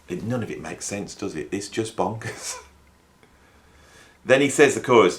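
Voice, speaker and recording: Middle-aged host, low-pitched, casual and wry, rambling commentary. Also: male voice, lively intonation, moderate pace, long pauses. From English Midlands. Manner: wry, rambling, mock-exasperated. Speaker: YouTube host and music educator.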